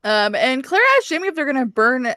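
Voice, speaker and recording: A woman's voice: high-pitched, expressive, a little fast, bright, forceful tone, no echo, studio quality. A woman co-hosting a book podcast, casually recapping chapters, laughing often and acting out characters' lines. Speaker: podcast co-host.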